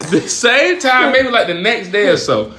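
A man's voice: sits high, slight background noise. A man, a podcast co-host telling funny stories, acting out quotes and laughing often. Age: adult, parent of nearly ten-year-old. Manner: animated storyteller, acts out quotes, laughs often. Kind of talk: casual chat, storytelling.

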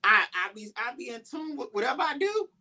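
A man's voice: very high-pitched, brisk. A man hosting a podcast in casual chat, telling stories and acting out his own past lines with animation. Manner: animated storytelling, quotes himself in raised voice. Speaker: podcast host.

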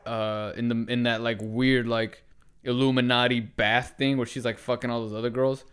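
A man co-hosting a laid-back podcast, rambling through his stories with constant fillers and plenty of swearing. His voice comes across smooth and clear at an ordinary middle pitch. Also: level tone, normal speed, a bit bright. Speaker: podcast co-host. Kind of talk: casual chat.

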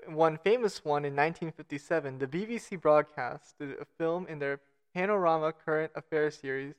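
A man's voice: fairly high pitch, normal speed, clean tone. A man co-hosting a casual podcast, reading out facts with self-mocking jokes and stumbling over foreign names. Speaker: podcast co-host.

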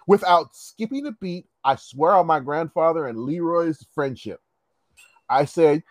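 A man in casual conversation, telling animated stories about his youth and acting out the people in them. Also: measured pace, dry recording. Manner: animated, acts out quotes with big pitch jumps, swears freely. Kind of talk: casual storytelling chat.

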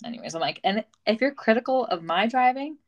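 A woman's voice: fairly high pitch, lively intonation, fairly quick, muffled recording. A young woman co-hosting a casual chat, laughing often and acting out stories with dramatic voices. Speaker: podcast co-host.

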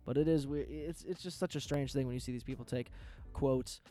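A man's voice: medium pitch, brisk, mellow, soft background music. Profane, rambling male podcast host. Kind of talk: casual podcast rant.

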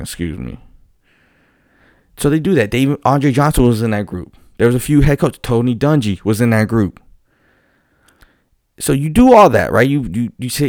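A man talking in a casual monologue as a football fan commentator, animated and profane, rambling with frequent restarts. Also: on the low side, no room sound, studio quality.

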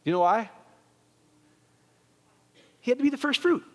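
A man preaching a sermon, animated and joking with his congregation. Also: very high-pitched, a little slow. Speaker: pastor. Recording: long reverb of a church hall.

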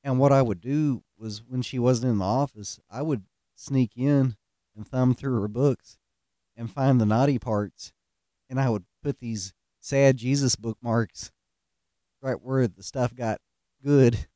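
Middle-aged guy rambling about his pranks, mellow voice, dry close sound, chuckles a lot. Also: medium pitch, unhurried, dry recording. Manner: folksy, self-mocking, laughs at own stories. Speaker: podcast host. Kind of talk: casual storytelling monologue.

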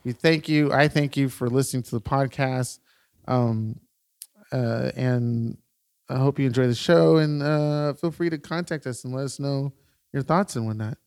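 A man's voice: medium pitch, moderate pace, a little mellow, clean tone. A man co-hosting a podcast, laid-back and joking in casual chat. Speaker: podcast co-host.

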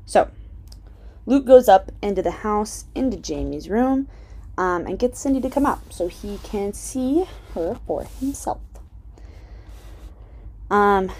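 Recapping a TV episode in a mid-range voice with a darkish tone, this woman reviewer keeps things casual. Her talk is full of "um" and "like," and she swears freely.

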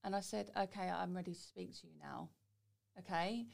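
Gravelly-voiced woman telling her story. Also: lowish voice, normal speed. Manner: chatty, quotes people in little voices. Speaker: guest. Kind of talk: candid personal story.

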